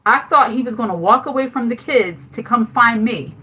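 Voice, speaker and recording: A woman with a slightly high voice talks candidly into a phone or webcam, chatting through a personal story. She laughs often as she goes. The audio is dull and lo-fi, like a home livestream. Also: normal speed, slightly rough. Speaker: livestream host giving life advice. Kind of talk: casual livestream chat.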